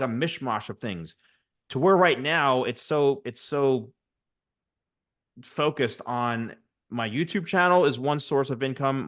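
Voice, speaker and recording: Man, casual interview guest, halting restarts, video call from home office, mid-pitched. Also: fairly bright tone. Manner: hesitant, restarts with fillers. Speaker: guest, hair stylist and YouTuber.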